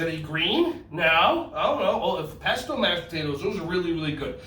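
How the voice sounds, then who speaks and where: A high-pitched man runs a kids' karate lesson in a playful, bouncy way, now and then letting out a loud shouted cry. His voice rings in an echoey room, picked up from a distance over faint background noise. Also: a little fast, few pauses. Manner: playful, animated, bursts into shouted kiai. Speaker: children's karate and yoga teacher.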